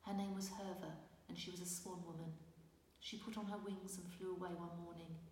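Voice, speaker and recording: A woman's voice: fairly low pitch, level tone, a little fast, a little mellow, a little hiss or hum, close to an everyday voice. A woman voicing a worried mortal mother who speaks sadly and earnestly, recorded far from the mic in a reverberant room. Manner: sad, earnest. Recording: roomy distant reverberant recording.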